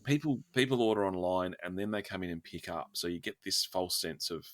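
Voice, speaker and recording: A man's voice: sits low, a little fast, fairly bright tone, no room sound, studio quality. An Australian man co-hosting a podcast, chatting casually with jokey, self-deprecating banter. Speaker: podcast co-host. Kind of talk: casual chat.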